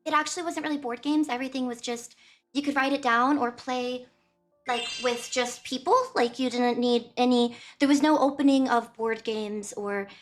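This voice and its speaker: A woman's voice: fairly high pitch, fairly even intonation, moderate pace. A young woman streamer casually telling a rambling story to her chat, full of fillers and acted-out quotes. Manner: rambling, lots of fillers and voiced quotes of others. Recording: lo-fi music playing softly behind.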